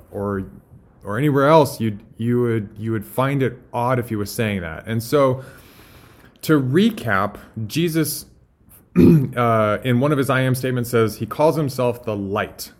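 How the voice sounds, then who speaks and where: A man hosting a casual Bible study podcast, telling things in a relaxed way full of fillers. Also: medium pitch, measured pace. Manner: relaxed, filler-heavy storytelling. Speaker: podcast host.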